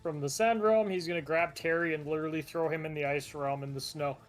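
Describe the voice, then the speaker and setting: A young man playing a superhero tabletop game, calm and matter-of-fact. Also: fairly high pitch, fast talker, soft background music. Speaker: player. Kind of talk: casual tabletop game chat.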